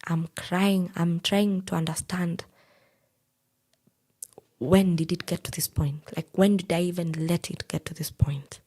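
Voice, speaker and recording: A young Kenyan woman telling a personal story in an intense, breathy, half-whispered way. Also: fairly low pitch, fairly even intonation, unhurried, a little mellow.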